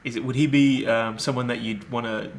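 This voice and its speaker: A man's voice: mid-range voice, steady tone, fairly quick, creaky, a little hiss or hum. A man hosting a podcast, asking a question hesitantly with many fillers. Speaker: podcast host. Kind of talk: casual interview.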